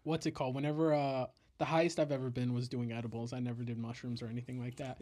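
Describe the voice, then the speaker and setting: A man co-hosting a casual podcast, joking crudely and swearing in quick banter. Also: mid-range voice, level tone, a little mellow. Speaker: podcast co-host. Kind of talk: casual chat.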